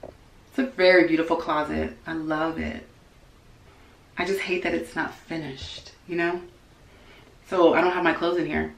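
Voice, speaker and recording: A woman's voice: low-pitched, level tone, unhurried, gravelly, pauses often. Chatty woman vlogging in an echoey room. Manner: chatty, self-talking, thinking out loud. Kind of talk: casual vlog chat. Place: home closet.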